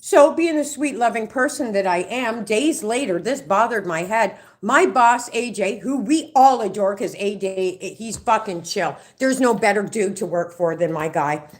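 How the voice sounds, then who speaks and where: A woman's voice: mid-range voice, a little slow, few pauses. A middle-aged woman ranting on a livestream, swearing freely as she tells a long story and acts out the other people's lines. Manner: profane, animated storytelling with acted-out quotes. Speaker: livestream vlogger.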